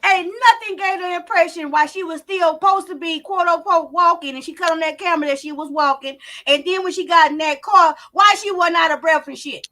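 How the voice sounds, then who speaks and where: A woman hosting a live commentary stream from home, loud and profane, talking straight to her chat. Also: very high voice, a little fast, few pauses. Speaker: commentary channel host. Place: home, indoors. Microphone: not on camera, live stream mic.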